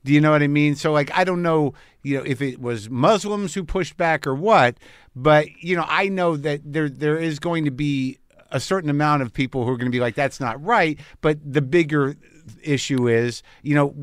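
A male comedian hosting a podcast chat, with a voice a bit higher than most men's. He talks loosely and swears casually. The recording is dry. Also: normal speed, smooth, dry recording. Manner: loose, swears, lots of fillers.

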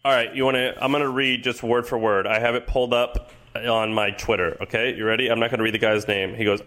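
A man's voice: medium pitch, steady tone, fast talker, fairly bright tone. A man co-hosting a podcast, talking in a laid-back, conversational way. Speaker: podcast co-host. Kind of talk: casual podcast chat.

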